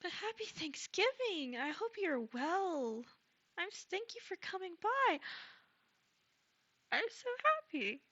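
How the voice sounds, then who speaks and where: A sick woman streaming a game live, chatting casually and gushing with excitement as she thanks her viewers. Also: very high-pitched, slow, long pauses, muffled recording.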